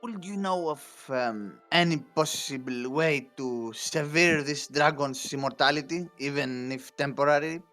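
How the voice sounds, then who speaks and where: A man with a slightly high voice takes part in a tabletop game session. He speaks hesitantly, pausing to hunt for the right words. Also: a bit bright, faint music behind. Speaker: player. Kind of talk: casual tabletop game talk.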